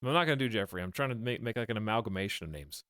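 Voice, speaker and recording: A man's voice: on the low side, lively intonation, very fast, a bit bright, clear, resonant tone, no echo, studio quality. A man streaming a video game, chatting casually and thinking aloud as he plays, often laughing at his own jokes. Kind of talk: casual gameplay commentary.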